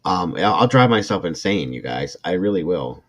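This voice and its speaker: A man's voice: deep voice, big pitch swings, moderate pace, fairly bright tone. A middle-aged man hosting a true crime livestream, reading a report aloud and reacting with irritation while talking to his chat viewers. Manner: emotional, irritated, talks to chat viewers by name.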